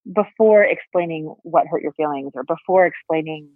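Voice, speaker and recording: A woman in her thirties, a guest expert, calmly explaining and acting out example phrases in casual conversation. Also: lowish voice, normal speed, few pauses, dry recording. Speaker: podcast guest, perinatal mental health specialist. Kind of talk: casual interview chat. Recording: phone-line audio, dry.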